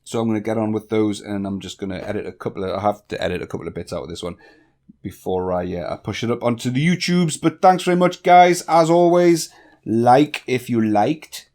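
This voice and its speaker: A man from northeast England with a softened northeast English accent, answering viewer questions bluntly in a casual vlog. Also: fairly low pitch, expressive, brisk. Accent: northeast English, toned down. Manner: blunt, candid, chatty with swearing. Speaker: YouTube tech tutorial creator.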